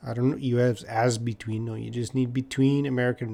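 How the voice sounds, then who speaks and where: A man's voice: mid-range voice, moderate pace, few pauses, darkish tone. A Canadian man teaching English in a live online lesson, answering viewers' questions and repeating key words for learners. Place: living in Korea.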